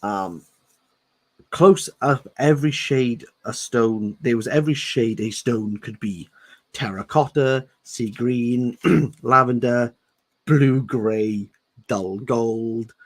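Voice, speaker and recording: A man's voice: medium pitch, takes it slowly. A man in his thirties reads a novel aloud, stopping to joke about it and repeating words he likes. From Wales. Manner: playful, savours and repeats words. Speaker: book channel host. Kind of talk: reading a novel aloud with joking commentary.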